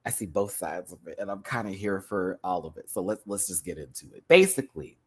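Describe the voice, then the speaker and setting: A man ranting casually as a show reviewer, sassy and animated, laughing often and swearing freely. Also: low voice, fairly quick, breathy edge. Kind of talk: casual reaction rant.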